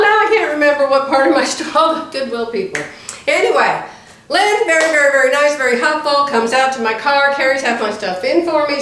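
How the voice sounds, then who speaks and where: A woman in her seventies telling animated anecdotes to her viewers from home, laughing often. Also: on the high side. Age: 70s. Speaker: quilting vlogger. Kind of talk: casual chatty storytelling to viewers. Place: indoors at home by the front door. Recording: very echoey room, distant mic, faint hiss.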